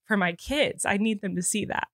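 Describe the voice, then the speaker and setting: Speaking at a moderate pace in a medium-pitched, slightly bright voice, this podcast host in her thirties is teary and emotional. Her casual chat is rambling and earnest, full of frequent restarts. It's a dry, studio-quality recording made in an indoor podcast studio.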